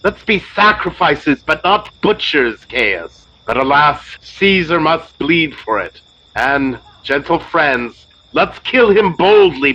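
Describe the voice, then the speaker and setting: A man playing a noble, brooding Roman conspirator in an audio drama, speaking slowly and deliberately. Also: mid-range voice, pushed and bright, husky, exaggerated voice. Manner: slow, deliberate. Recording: dull lo-fi sound.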